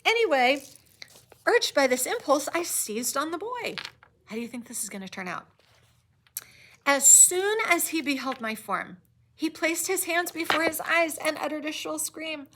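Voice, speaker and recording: A woman's voice: high voice, expressive, normal speed, a bit bright. Chatty woman teacher recapping a book. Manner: conversational, with asides to the listener. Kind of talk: recapping a novel chapter.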